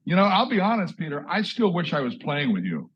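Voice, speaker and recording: A man's voice: a little high, fairly quick, husky, highs cut off. A man in his sixties from Southwest Iowa, hosting a casual chat and telling stories with frequent word repeats and restarts. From Southwest Iowa, USA. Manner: repeats words and restarts often, lively storyteller. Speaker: host, drummer.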